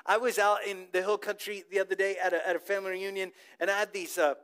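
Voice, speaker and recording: Pastor, male, high-pitched, lively sermon storyteller who gets the crowd to echo him. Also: fast, smooth. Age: adult with a child old enough to talk. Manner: animated storytelling, asks the congregation to repeat words.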